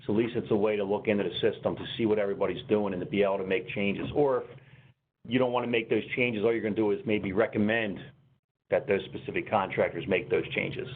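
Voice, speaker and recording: A man presenting a technical webinar, talking through software steps on screen in a conversational, explanatory way. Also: on the low side, fairly even intonation, fast. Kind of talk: conversational software demo walkthrough. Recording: tinny phone-line webinar audio, faint noise.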